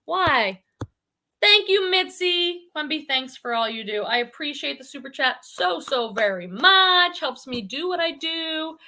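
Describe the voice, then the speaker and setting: A woman from the Boston area hosting a casual livestream, chatting brightly and laughing often as she reads out viewer comments. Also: high-pitched, expressive, measured pace, few pauses. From Boston area, New England. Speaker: host of a reselling livestream. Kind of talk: casual live-stream chat reading viewer comments.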